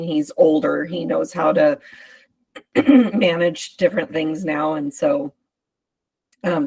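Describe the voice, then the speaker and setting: A woman hosts the conversation and speaks very slowly, as if thinking aloud. Her voice is somewhat low for a woman. The sound is dry, with no room echo. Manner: slow, reflective, thinking aloud. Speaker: podcast host and coach. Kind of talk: casual conversation.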